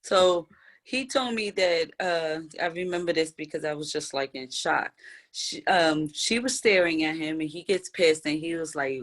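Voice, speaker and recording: A middle-aged mother telling a family story in an earnest, measured way during a casual chat. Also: sits low. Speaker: guest, mother of a guest.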